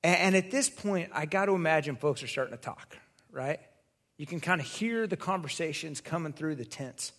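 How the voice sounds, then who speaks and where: A man with a somewhat high voice preaches a sermon to his church. He speaks conversationally and tells stories, putting on other people's voices and building to loud moments. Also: expressive, moderate pace. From California. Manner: conversational storytelling, acts out voices and grows loud in anecdotes. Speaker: pastor.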